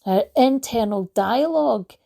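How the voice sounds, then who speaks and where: A woman's voice: fairly high pitch, lively intonation, measured pace, gravelly. A woman giving a reflective motivational talk, telling a story in an anecdotal way. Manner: warm anecdotal storytelling, laughs lightly. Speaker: motivational speaker.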